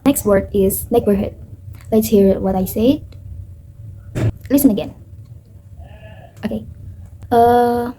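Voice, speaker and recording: A young woman with an Indonesian accent reads out her pronunciation feedback for a class presentation, pausing often with fillers. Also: a little high, mellow, breathy edge, low-quality recording. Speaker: student presenter.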